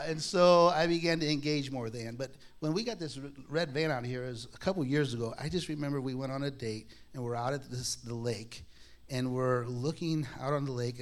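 A man's voice: mid-range voice, brisk. A man telling a personal testimony to a congregation in a conversational, self-deprecating way, acting out the dialogue he quotes. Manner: frequent restarts and laughs. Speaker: speaker sharing a personal testimony. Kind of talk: sermon-style personal storytelling.

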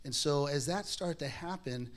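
A man's voice: a little high, normal speed. A man telling a personal testimony to a congregation in a conversational, self-deprecating way, acting out the dialogue he quotes. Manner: frequent restarts and laughs. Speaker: speaker sharing a personal testimony. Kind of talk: sermon-style personal storytelling.

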